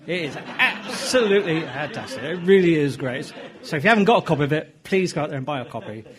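Jokey man warming up a live audience. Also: on the high side, sing-song, fast. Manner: jokey and enthusiastic. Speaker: event host introducing the speaker. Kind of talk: lively introduction to a live audience. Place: hotel function room.

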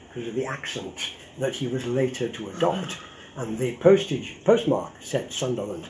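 A man's voice: mid-range voice, expressive, moderate pace, a little mellow, slight background noise. An older man, a historian, giving a public lecture in a wry, conversational way with frequent ums and asides. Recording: roomy hall echo.

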